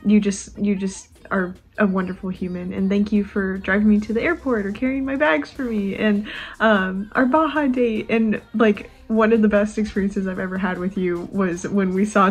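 Husky young woman, gushing and excited. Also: medium pitch. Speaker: friend sending a birthday message. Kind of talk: heartfelt recorded birthday message.

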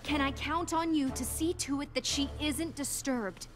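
A woman playing a calm, regal adult female pony ruler who speaks in a gentle, measured way. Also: high voice, over music, close to an everyday voice. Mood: concerned.

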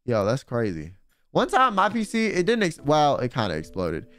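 A man's voice: medium pitch, wildly swooping pitch, moderate pace, fairly bright tone, clean tone. A man streaming in a casual chat, rambling and swearing freely, full of filler words. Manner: rambling, profane, full of "like" and "you know".

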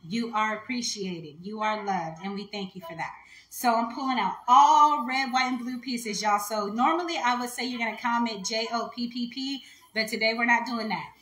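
A woman's voice: a little high, moderate pace, a bit bright, echoey room, rough recording. A woman hosting a jewelry live stream, talking to viewers in a heartfelt, chatty way. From United States. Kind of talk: casual live-stream talk.

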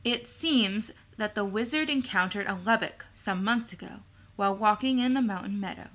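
A woman's voice: medium pitch, fairly bright tone, lightly acted. A grave, formal male elf voiced by a woman. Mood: grave, calm. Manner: measured, formal, unhurried.

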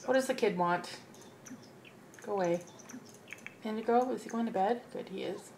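A woman's voice: medium pitch, normal speed, darkish tone, a little hiss or hum. Chatty young woman narrating gameplay. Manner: chatty, talks to her game characters. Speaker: let's play host. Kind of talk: casual gameplay commentary.

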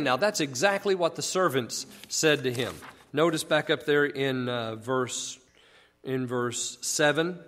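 A man's voice: mid-range voice, moderate pace, a bit bright. A man casually teaching a Bible passage, explaining conversationally and asking rhetorical questions. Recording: long echoey reverb.

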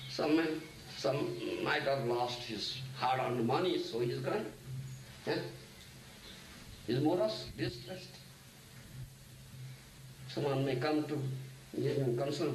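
Older man lecturing in an echoey room. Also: fairly high pitch. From India. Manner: keeps asking "Huh?" and "Isn't it?", chanting Sanskrit verses. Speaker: spiritual teacher. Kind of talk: devotional lecture. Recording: echoey room, mic at a distance, faint hiss.

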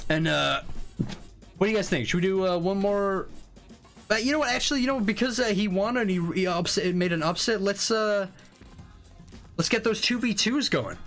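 A young man hosting a live game stream, chatting casually, excitable and swearing freely with rambling restarts. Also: sits high, moderate pace, pauses often, faint music behind.

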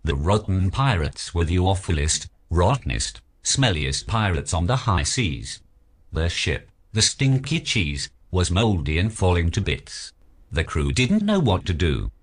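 A man reading a children's picture book aloud as narrator, in an expressive storybook manner. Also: low voice, unhurried.

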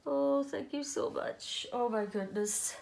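A woman's voice: a little high, slow, creaky, a little mellow. A middle-aged woman with an Irish accent, chatting casually while unboxing dolls, gasping and gushing with delight. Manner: gushing, gasping, exclaiming "oh my goodness". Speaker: doll collector vlogger.

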